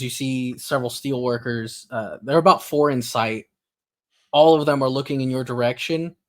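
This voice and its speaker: A man narrating a tabletop role-playing game as game master, relaxed and halting, with many fillers. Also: medium pitch.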